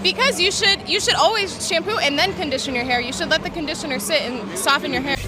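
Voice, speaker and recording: A woman's voice: high-pitched, fast talker, a crowd in the background. A woman in her twenties, answering a street interviewer and listing her opinions matter-of-factly. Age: 20s.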